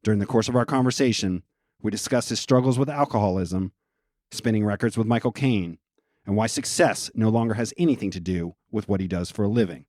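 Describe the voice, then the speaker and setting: Man, podcast host, lowish voice, measured formal delivery, dry close sound, faint music under. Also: a little mellow, no echo. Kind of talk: scripted intro, then interview questions.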